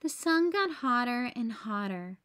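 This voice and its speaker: A woman reads a picture book aloud for young children, slow and gentle. Her voice sits high and lilts widely with each sentence, easy for little listeners to follow. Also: very animated. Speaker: teacher reading aloud.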